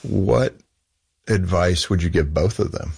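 A man's voice: deep voice, unhurried, creaky, a little mellow, breathy edge. A man hosting an interview, asking probing questions and offering supportive interjections. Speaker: host.

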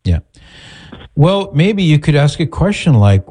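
A man hosting a call-in advice show, counseling a caller in a measured, patient way. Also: a little high, sing-song, mellow. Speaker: radio advice host.

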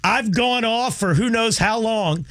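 A man's voice: high-pitched, measured pace, fairly bright tone. A man co-hosting a sports radio show, rambling and joking about sports.

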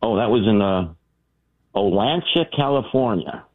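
A man's voice: on the low side, a little slow. A man calling in to a late-night radio show, telling a story animatedly with lots of restarts and asides. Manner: animated storyteller, voices people in his tales. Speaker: radio caller. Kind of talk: phoned-in anecdote. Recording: tinny phone line.

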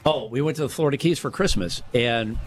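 A man's voice: medium pitch, brisk, soft background music. A man co-hosting a talk show, telling a long story in a rambling way and correcting himself as he goes. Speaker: radio show co-host. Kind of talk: casual chat.

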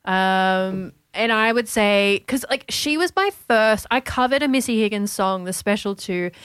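A woman's voice: medium pitch, a little slow, fairly bright tone, clear, resonant tone, no room sound. A young Australian woman hosting a radio show, chatting casually and laughing often. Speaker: radio host.

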